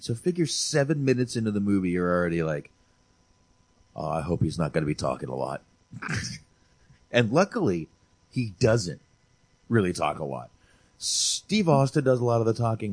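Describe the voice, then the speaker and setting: A man's voice: fairly low pitch, a little mellow, no echo. A man hosting a casual movie review podcast, joking and swearing freely. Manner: joking, profane, enthusiastic. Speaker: podcast host.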